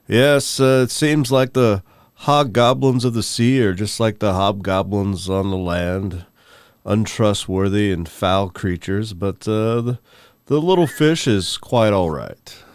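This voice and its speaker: A man speaks as a player at a tabletop game in a lowish, unhurried voice. His delivery is matter-of-fact with a few fillers, and the sound is dry and close. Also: clean tone, dry recording. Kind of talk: casual tabletop game talk.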